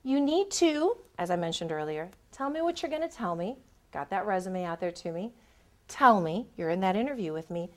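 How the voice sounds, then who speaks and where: Animated woman lecturing on interviews. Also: mid-range voice, moderate pace. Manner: animated, acts out quoted voices. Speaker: career lecturer. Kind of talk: public lecture on job interviews. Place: lecture room.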